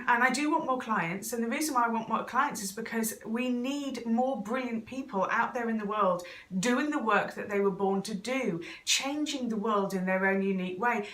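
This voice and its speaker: A woman's voice: high voice, a bit bright, reverberant, far from the mic. A woman talking straight to camera as an intuitive coach, chatty and earnest, with little laughs and fillers. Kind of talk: casual direct-to-camera talk.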